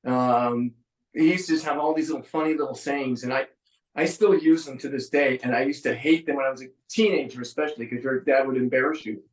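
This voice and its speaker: A middle-aged musician from San Francisco chats casually as an interview guest, a relaxed storyteller with dry humor and plenty of ums. His voice is mid-range and a little fast. The recording is rough, in an echoey room.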